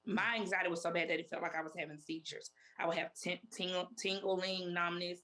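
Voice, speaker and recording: A woman's voice: fairly low pitch, steady tone, brisk, hardly any pauses, fairly bright tone. A woman in her forties telling her personal story as an interview guest, emotional, repeating herself as she quotes past conversations. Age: 40s. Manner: emotional, retells talks in quotes with many repeats.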